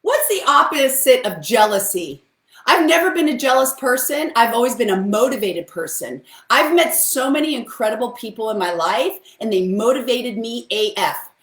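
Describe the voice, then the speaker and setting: A woman's voice: a little high, moderate pace. Woman doing a pep talk, bouncy voice that swoops all over, kinda roomy echo. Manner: energetic, animated, chatty with rhetorical questions. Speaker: motivational speaker. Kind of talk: motivational talk to camera.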